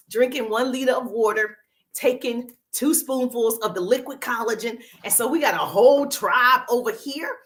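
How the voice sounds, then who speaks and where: A woman's voice: fairly high pitch, fairly bright tone. A woman with a Southern US accent hosts a casual livestream as a social media business coach, upbeat and greeting viewers by name, with a cough drop in her mouth.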